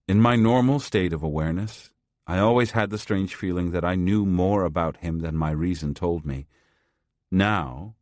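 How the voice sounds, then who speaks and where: Male audiobook narrator, very deep voice, measured first-person storytelling, dry close sound. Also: no room sound.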